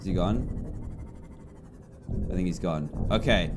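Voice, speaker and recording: Speaking at a moderate pace with long pauses, an English man in his twenties commentates his gameplay for YouTube. There's slight background noise, and his chatty, jumpy manner flips from low muttering to loud yelping.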